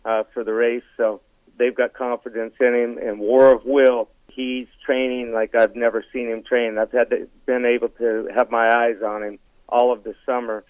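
A man talking casually as a horse racing analyst guest, halting with lots of fillers and some teasing. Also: mid-range voice, little pitch movement, dry recording. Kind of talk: casual phone-in chat. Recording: tinny dry phone line.

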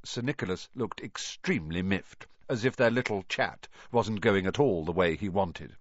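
A man narrating a storybook in an expressive reading style. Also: deep voice, normal speed, dry recording, dull audio. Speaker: audiobook narrator. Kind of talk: scripted narration.

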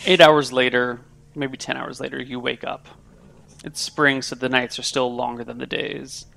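A man narrating a tabletop game as game master, in relaxed descriptive narration. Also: mid-range voice, normal speed, creaky.

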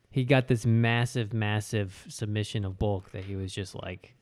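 A man's voice: lowish voice, flat delivery, moderate pace, darkish tone. A man with a New York accent, co-hosting a podcast in casual chat and laughing often. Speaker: podcast co-host.

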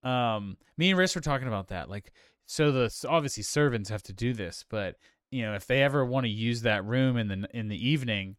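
A male podcast host chats casually about films, rambling with lots of fillers and restarts and laughing easily. His medium-pitched voice is fairly quick, fairly bright and clean, captured in a dry, studio-quality recording.

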